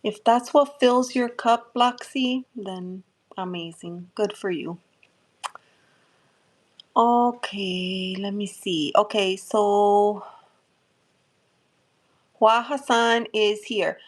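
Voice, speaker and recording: Slow, soothing woman with a light New Jersey accent. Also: mid-range voice. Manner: gentle and reassuring, many fillers. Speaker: tarot reader hosting a livestream. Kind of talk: live-stream chat and readings.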